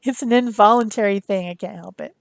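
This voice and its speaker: Chatty woman giving a relaxed craft tutorial. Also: mid-range voice, fairly quick, gravelly, no room sound. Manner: chatty, rambling, with many fillers and restarts. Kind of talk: casual voice-over demonstration.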